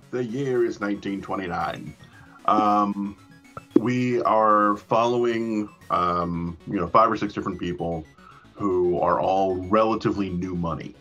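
A man co-hosting a casual chat, laid-back as he pitches ideas. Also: takes it slowly, long pauses, pushed and bright, faint music behind. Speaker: podcast co-host.

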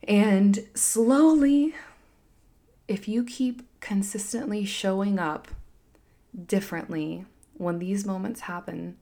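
A woman's voice: mid-range voice, slow pace, dark tone. A woman in her thirties talking candidly and earnestly about parenting, full of fillers and restarts. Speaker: parenting vlogger. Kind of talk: candid heartfelt monologue.

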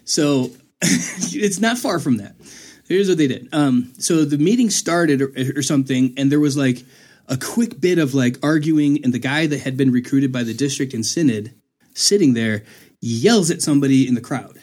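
A man's voice: medium pitch, normal speed. A young man in casual conversation, telling a story with lots of laughter and acted-out voices of other people. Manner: animated, laughing, acts out voices. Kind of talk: casual chat.

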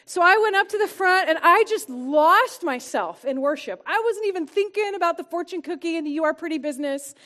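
A woman with a high voice, speaking in a church small group, gives a personal testimony and teaching. She talks earnestly and from the heart, letting her voice sink soft and quiet to stress a point.

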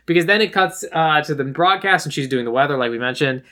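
Fast, bright-voiced man recapping a movie. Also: fairly high pitch, animated. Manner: rambling retelling full of "like". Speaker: podcast co-host. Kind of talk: casual movie recap chat.

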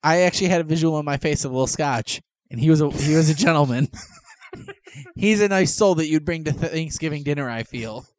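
A man's voice: a little high, a little fast, no room sound. A man co-hosting a podcast in casual comedic banter, stammering, laughing and sounding incredulous. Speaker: podcast co-host.

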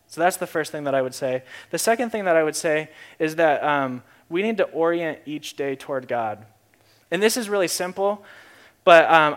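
A man's voice: high-pitched, a bit bright, clear, resonant tone. A young man giving a casual, earnest sermon, talking conversationally with frequent fillers and restarts. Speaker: preacher.

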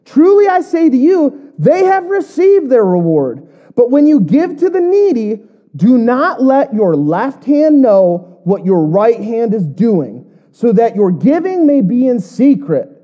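Lively, joking woman teaching the Bible. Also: on the high side, dull audio. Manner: jokey, animated, reads scripture slowly.

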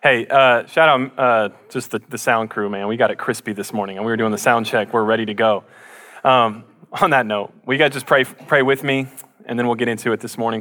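A man's voice: medium pitch, fairly quick. A man preaching a casual, conversational sermon to his church, joking with the crowd and acting out little voices. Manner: conversational, jokey, animated impressions. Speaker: pastor.

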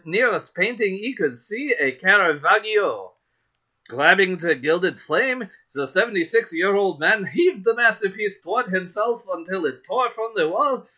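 Guy doing a goofy fake french accent, loud and high, hamming up a dramatic read. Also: lo-fi sound, heavily acted. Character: man reading in a mock French accent.

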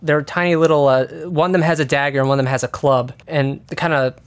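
A man narrating as game master of a tabletop role-playing game, describing scenes in a measured way. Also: fairly high pitch, steady tone.

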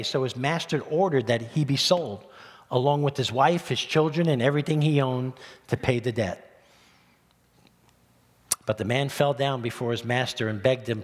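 A man preaching a sermon as pastor, animated, with rhetorical questions and rising emphasis. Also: mid-range voice. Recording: long reverb of a church hall.

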